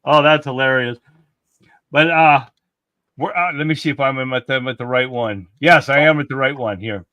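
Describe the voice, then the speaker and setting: A man's voice: mid-range voice, normal speed, pushed and bright, no room sound. A man co-hosting a casual political livestream, chatting loosely and reading viewer comments aloud. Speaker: livestream co-host.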